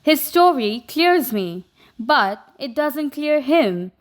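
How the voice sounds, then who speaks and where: A woman narrating an audiobook in a measured, deliberate way. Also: high voice, very animated.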